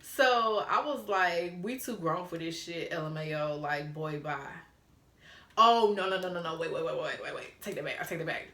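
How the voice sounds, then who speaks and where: A woman in her twenties telling a story to camera, animated and profane, laughing as she acts out old text messages. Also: low voice, normal speed, reverberant. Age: 20s. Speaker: storytime vlogger.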